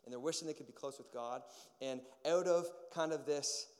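A man preaching a casual sermon as pastor, an animated storyteller with many fillers and acted-out voices. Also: fairly high pitch, fairly quick. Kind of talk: casual sermon with personal stories. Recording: long hall reverb.

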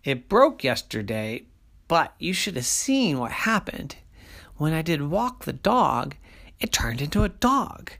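A storyteller voicing an excited young boy in a children's story, speaking high and wide-eyed. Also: a little slow, gravelly, full character voice. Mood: eager.

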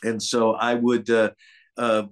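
A man's voice: fairly low pitch, completely flat delivery, slow pace. Older man rambling through anecdotes. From Kentucky, USA. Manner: meandering, chatty storyteller. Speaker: guest actor. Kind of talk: casual interview chat.

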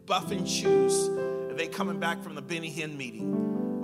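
Male pastor preaching, goes quiet then loud, long hall reverb, guitar going loud behind him. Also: a little high, unhurried. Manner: swings from hushed to loud and excited. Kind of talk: sermon with personal story. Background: loud guitar playing.

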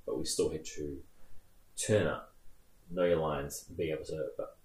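A man's voice: rumbling low, unhurried. A man in his thirties with a New Zealand accent, rambling through stories in casual chat. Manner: rambling, animated, laughs while telling stories. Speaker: guest. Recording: roomy echo.

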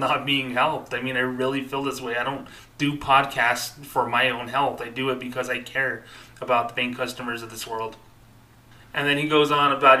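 A man in his thirties hosts a personal podcast monologue, sounding upset and earnest, with many fillers and restarts. His mid-range voice is pushed and bright, caught on a distant mic in a rough recording.

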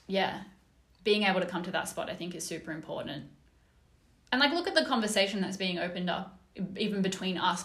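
A woman's voice: fairly low pitch, gravelly, a bit bright, reverberant. A woman telling a story in casual chat, with many fillers and restarts.

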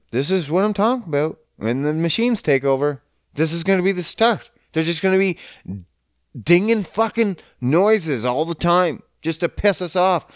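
A man's voice: on the high side, no echo. Guy going off on a sweary rant, voice jumping all over, dead dry mic. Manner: profane, animated ranting with mocking voices. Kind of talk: casual ranting monologue.

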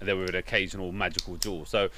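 A man co-hosting a casual film review chat, arguing and cutting in with quick rebuttals. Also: deep voice, steady tone, bright, forceful tone, a little hiss or hum. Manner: argumentative, quick to interrupt.

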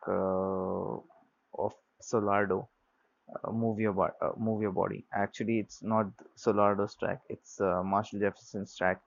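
A man's voice: fairly low pitch, level tone, unhurried, vocal fry. A man in a casual vlog, rambling about music with many fillers, restarts and grammar slips. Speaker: vlogger talking about his music taste. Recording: dull lo-fi sound.

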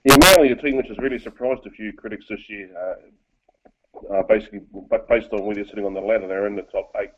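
A man's voice: lowish voice, expressive, fast. A man calling in to a sports talk show to give blunt, joking opinions on rugby league. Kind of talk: sports commentary chat. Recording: tinny phone line.

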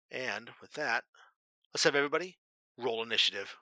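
A man's voice: mid-range voice, normal speed, sharp tone, no room sound, rough recording. A man narrating a tabletop game as game master, describing scenes vividly and dramatically.

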